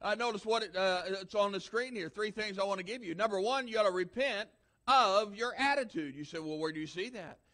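High-voiced emphatic preacher. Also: male voice, brisk, sharp tone. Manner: emphatic preacher, repeating lines with rising force. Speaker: pastor. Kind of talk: sermon.

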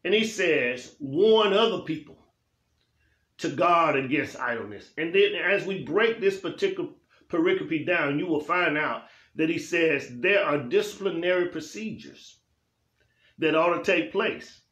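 A man's voice: a little high, lively intonation, a little slow, fairly bright tone. A male pastor teaching a Bible study in a church, speaking emphatically and repeating phrases for weight in a preaching cadence. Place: church sanctuary. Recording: roomy church echo.

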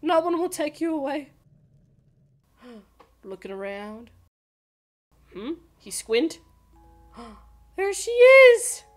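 A woman giving casual gameplay commentary, excitable and prone to dramatic outbursts. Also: very high voice, drawn-out words, long pauses, soft background music. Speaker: let's play host.

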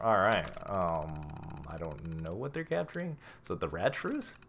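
A man casually commenting on a game as he plays, reading notes aloud, swearing and reacting loudly. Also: low-pitched, lively intonation, a little slow, vocal fry, few pauses. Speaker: gameplay streamer. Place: home room with a cat.

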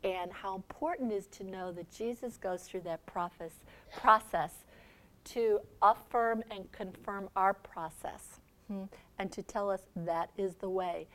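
A middle-aged woman giving a faith seminar talk, conversational and quick to laugh, often checking in with "okay?". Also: mid-range voice, fairly bright tone. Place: seminar room.

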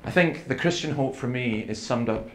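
A medium-pitched man speaks at a moderate pace, preaching earnestly in a seminar setting. He narrates stories with quoted dialogue, and the recording carries the echo and faint room noise of a hall.

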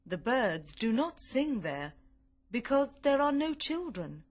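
A woman reading a children's story aloud for learners, clear, deliberate and expressive. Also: fairly high pitch. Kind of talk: slow storybook narration for learners.

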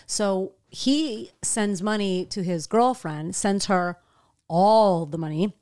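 A woman's voice: mid-range voice, darkish tone, smooth. A woman from New Jersey with a Jersey accent, chatting casually as a podcast guest and swearing freely as she tells stories. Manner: swears freely, quick storytelling.

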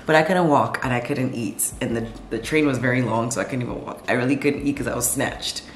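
Very low-voiced, sassy woman vlogging. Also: brisk, noisy background. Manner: chatty and sassy, full of slang. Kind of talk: casual late-night vlog chat. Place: at home. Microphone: camera set up nearby. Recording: echoey room with music behind.

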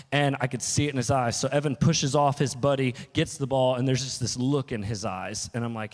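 A male pastor gives a relaxed, conversational sermon, telling stories and acting out what he said in quotes. His voice sits at an ordinary middle pitch. It rings with the long reverb of a large church hall. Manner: storytelling with restarts and quoted asides.

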